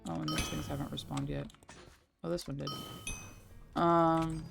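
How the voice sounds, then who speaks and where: A young adult woman with a low, gravelly, flat voice chats a little slowly while streaming a game. She rambles, leans on fillers and swears freely, with faint game music playing behind her.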